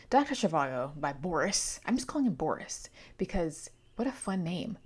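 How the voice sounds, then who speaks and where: A woman's voice: deep voice, sing-song, normal speed, slightly rough. Chatty congested woman reviewing a book. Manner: chatty, rambling, with playful asides and laughs. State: congested from allergies. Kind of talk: casual vlog book review.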